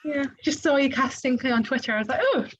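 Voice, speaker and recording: A woman's voice: sits high, brisk, lo-fi sound, a little hiss or hum. A woman actress as a podcast guest, playful and chirpy, joking lightly. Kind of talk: casual podcast chat.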